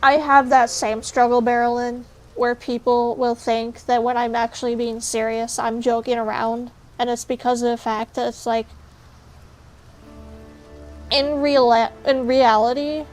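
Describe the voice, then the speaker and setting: A woman's voice: on the high side, flat delivery, a little slow, darkish tone, soft background music. A young woman streaming, chatting casually and ranting bluntly with jokes to her chat. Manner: blunt, joking rants to chat.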